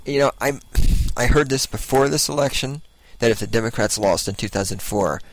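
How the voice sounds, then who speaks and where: A man's voice: medium pitch, brisk, no room sound, low-quality recording. A man giving a blunt, sarcastic political monologue as host, laughing at his own jokes.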